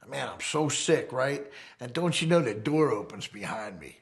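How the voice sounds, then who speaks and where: A documentary interviewee by a fireside, this man has a mid-range, gravelly voice with big pitch swings and a moderate pace. He tells a wild story from his past in casual, profane street talk, frequently checking in with "right?".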